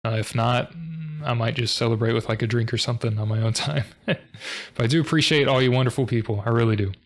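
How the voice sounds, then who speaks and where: A tired man talking through his programming project late at night, in a low-key, monotone way with frequent ums and small laughs. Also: fast talker. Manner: low-key, monotone, self-described as not very expressive. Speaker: programming tutorial host. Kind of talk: casual screen-recorded coding talk.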